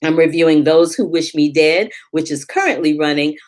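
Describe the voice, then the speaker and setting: Low-voiced chatty woman film critic. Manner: chatty and animated, quick asides and laughter. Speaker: film critic and show host. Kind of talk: casual movie review vlog.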